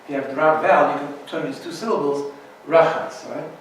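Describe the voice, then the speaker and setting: A man's voice: on the high side, brisk, very echoey, far from the mic, a little hiss or hum, rough recording. A man teaching an informal Torah class as a rabbi, chatty and often checking in with "right?". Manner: chatty, keeps asking "right?".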